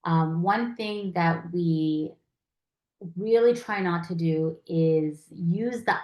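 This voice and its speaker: Lady giving a lecture, kinda low voice, chatty, plays out little quotes, roomy echo. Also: unhurried, darkish tone. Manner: conversational, acts out quoted phrases. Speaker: palliative care educator.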